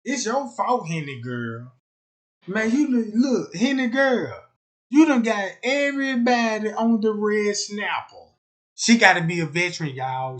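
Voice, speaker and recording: A man streaming live, riffing in a rambling comedic rant that swings between loud outbursts and low mutters, checking in with his listeners again and again. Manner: rambling, keeps asking "you know what I'm talking about".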